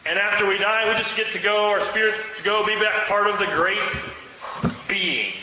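A man's voice: high-pitched, normal speed, sharp tone. A man preaching a sermon, fervent and exhorting, urging his listeners to act. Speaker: pastor. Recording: echoey hall, dull sound.

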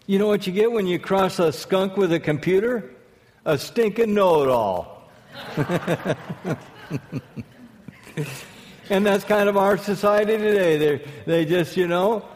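A man delivers a sermon in an easy, conversational way, full of rhetorical questions and quick restarts. His voice sits a little high for a man. It rings out with long reverb, as if he is in a large church hall. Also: lively intonation, darkish tone. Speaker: pastor.

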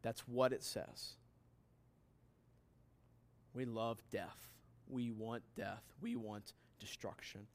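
A man's voice: mid-range voice, steady tone, takes it slowly, pauses often. A man preaching a sermon as pastor, emphatic and putting questions straight to his listeners.

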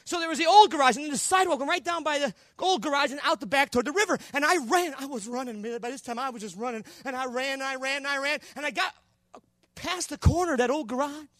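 An older man preaching a Pentecostal sermon, telling a story and acting out the dialogue, going from hushed to shouting. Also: very high voice, fast talker, no echo, studio quality. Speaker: pastor.

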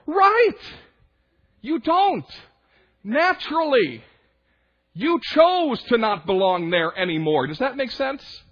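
A young man preaches in a chatty, conversational sermon, slipping into quoted voices and side remarks. His voice sits high and a bit husky. The recording is dull and lo-fi. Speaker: young adult minister.

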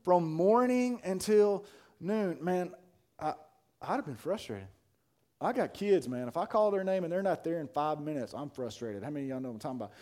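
Guy preaching a sermon, pretty high voice, goes from hushed to full-on shouting, says man and y'all a lot. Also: fairly quick. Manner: animated, swinging from hushed to shouting. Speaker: pastor.

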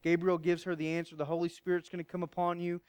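A man pastor preaching a sermon, emphatic at times and hushed at others, asking rhetorical questions. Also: high voice, completely flat delivery, fast, smooth, no room sound.

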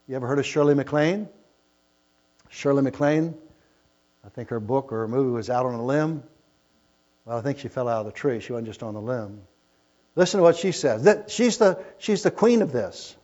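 A man preaching a sermon, emphatic, moving between loud declamation and quiet asides. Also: fairly high pitch, animated, normal speed, long pauses. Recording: lo-fi with mains hum.

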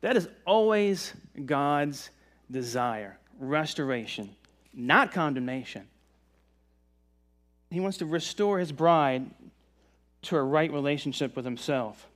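A man from the Virginia mountains preaching a sermon in a relaxed, conversational way, joking with the congregation. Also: on the high side, slow pace, pauses often. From Virginia mountains, USA. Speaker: pastor. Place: church service.

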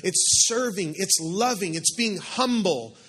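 A man preaching a sermon, his voice sitting a little higher than most men's. He talks conversationally, mixing quiet reflection with lively, joking bursts toward the congregation. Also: slow, slightly rough. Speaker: pastor.

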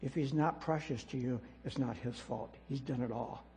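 A pastor preaches a sermon in a church sanctuary, emphatic and repetitive, swinging between loud declarations and quiet asides. He has a mid-range voice at normal speed, recorded in a reverberant hall with mains hum.

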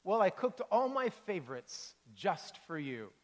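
A man's voice: high-pitched, big pitch swings, unhurried, darkish tone, voice pushed up. A man voicing a blunt, honest male cowboy with a folksy drawl in a read-aloud storybook, in a reverberant hall. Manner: folksy drawl with "dang" and "ain't".

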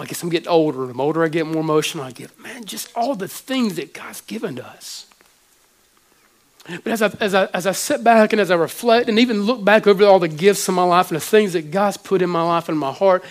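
A man in his forties, a pastor, preaching an emotional sermon with many halting restarts. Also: high-pitched.

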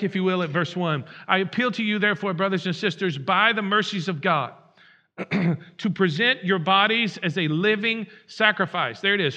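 A man's voice: sits high, pushed and bright, dull audio. A male pastor preaching a sermon, earnest and pleading, repeating phrases and restarting his sentences.

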